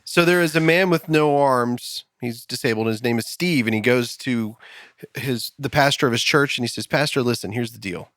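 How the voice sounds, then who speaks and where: A man hosting a podcast in casual chat, rambling and quick as he tells jokes. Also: medium pitch, a bit bright, no echo, clean studio sound. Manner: rambling, quick joke-telling. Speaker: podcast host. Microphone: studio mic.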